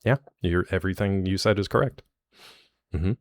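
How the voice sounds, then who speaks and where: A man's voice: low voice, moderate pace, no room sound. A man streaming live, chatting loosely with his viewers in a jokey, rambling way.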